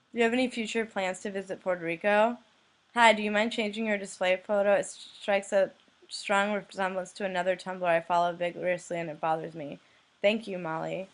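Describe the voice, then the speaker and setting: Young blogger woman reading out her inbox, deadpan, middle-pitched voice. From United States. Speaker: blogger reading anonymous messages. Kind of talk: reading messages aloud to camera.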